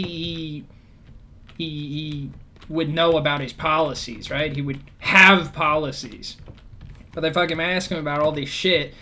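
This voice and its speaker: A man's voice: on the high side, pushed and bright, a little hiss or hum. Profane, rambling man ranting sarcastically. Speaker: vlogger. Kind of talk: casual rant.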